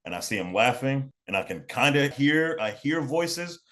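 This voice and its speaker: A man's voice: medium pitch, sing-song, moderate pace, fairly bright tone. A young man from New York telling a personal story in a laid-back, casual way, often repeating and restarting phrases. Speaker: podcast guest.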